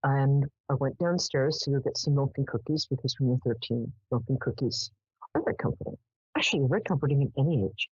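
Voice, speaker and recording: A woman's voice: extremely low pitch, fairly quick, darkish tone, breathy edge, no echo, dull audio. A woman hosting a live call-in psychic show, chatty as she tells stories and affectionate with callers. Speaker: psychic radio host.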